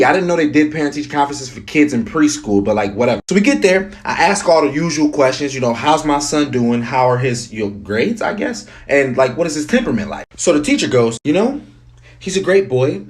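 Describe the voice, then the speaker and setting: Man, chatty parent storyteller, slightly high voice that swings all over. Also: big pitch swings, a little fast. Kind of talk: casual storytime to camera.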